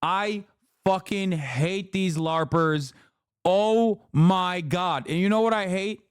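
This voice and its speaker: High-voiced man ranting profanely. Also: slow pace, clean tone, no room sound, studio quality. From Muslim-majority country. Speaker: streamer reacting to a video. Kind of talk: heated livestream commentary.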